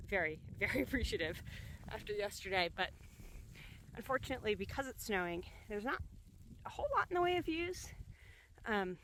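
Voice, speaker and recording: A woman's voice: mid-range voice, fairly bright tone, a little hiss or hum, low-quality recording. A woman talking to her camera while skiing alone on a snowy mountain trail, chatty and upbeat, laughing often and out of breath. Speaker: solo backcountry skier filming herself. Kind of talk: casual vlog narration.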